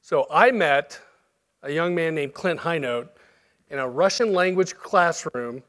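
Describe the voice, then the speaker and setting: A man's voice: on the high side, unhurried. Southern man introducing a speaker. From Alabama, US. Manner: relaxed, folksy, frequent fillers. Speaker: event host introducing a speaker.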